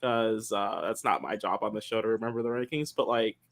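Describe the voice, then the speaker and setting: A man's voice: fairly low pitch, steady tone, fairly quick, vocal fry. A man co-hosting a podcast, chatting casually in rambling, filler-heavy banter. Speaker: podcast co-host. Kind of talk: casual comedic chat.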